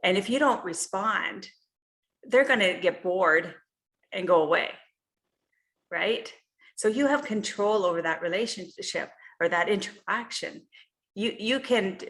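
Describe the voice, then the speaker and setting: A woman's voice: on the low side, fairly bright tone. A woman health coach giving a casual coaching talk over a video call, speaking conversationally and often checking in with "you know" and "right?".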